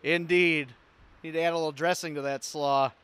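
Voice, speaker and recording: A man's voice: fairly high pitch, steady tone, moderate pace, a bit bright, clean tone. A man co-hosting a sports show, calling play-by-play in an arena with wry asides. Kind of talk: play-by-play commentary. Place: indoor arena.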